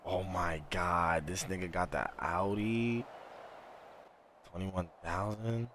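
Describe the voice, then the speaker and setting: A young man live-streaming a game, chatting casually and excitably to his viewers in heavy slang. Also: low-pitched, slow pace, a little hiss or hum. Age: young adult. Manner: slangy, excitable, talks straight to chat. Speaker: livestreamer. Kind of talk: casual live-stream chat over gameplay.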